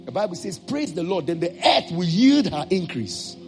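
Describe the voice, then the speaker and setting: A male pastor with a Nigerian English accent preaching a sermon, acting out little dialogues and breaking into sudden shouts. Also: high voice, big pitch swings, moderate pace, faint music behind.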